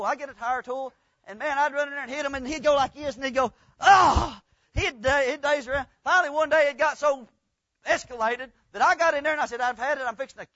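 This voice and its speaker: A man preaching a folksy, rambling storytelling sermon that builds into loud, fervent preaching. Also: extremely high pitch, no room sound. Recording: dull, lo-fi dry sound.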